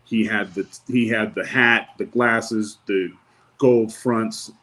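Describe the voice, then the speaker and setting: A former bodyguard turned wrestler relates a long tale on a podcast, laid-back and wry, acting out others' words. His pitch is fairly low and his tone steady, but the voice sounds pushed and bright, and he speaks slowly. The audio is poor.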